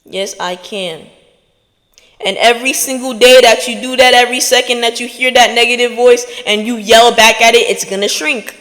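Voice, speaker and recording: A woman's voice: a little high, level tone, brisk, hardly any pauses, fairly bright tone, big-room sound. A woman hosting a podcast, giving an earnest motivational talk straight to her listeners. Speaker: podcast host.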